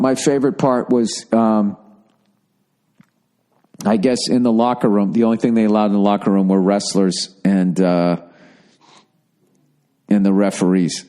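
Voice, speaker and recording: A podcast host in his forties delivers a casual solo monologue in a mellow, lowish voice. He rambles, with a sarcastic and profane edge.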